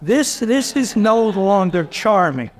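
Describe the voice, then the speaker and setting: A man's voice: sits high, animated, takes it slowly. A man giving a mock-grandiose, theatrical debate speech at a church event. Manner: theatrical, pompous orator.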